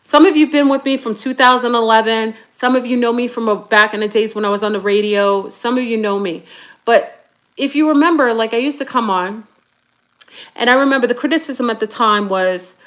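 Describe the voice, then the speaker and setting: A middle-aged woman hosting a casual talk stream, speaking in a chatty, animated way and calling her viewers y'all. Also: fairly high pitch, brisk, dull audio. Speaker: YouTube spiritual talk host.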